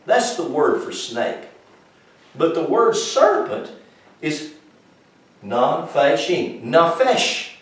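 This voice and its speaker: Preacher guy teaching the bible, pushy questions to the crowd, voice a bit high, super echoey far-off room sound. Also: sing-song, very slow, long pauses. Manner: emphatic, questions the congregation directly. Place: congregation room.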